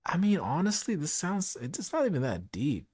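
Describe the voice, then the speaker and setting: A man's voice: a little high, wildly swooping pitch, normal speed, darkish tone, breathy edge. A man streaming a late-night casual chat, earnest and reflective, talking things through with lots of "like" and "you know.".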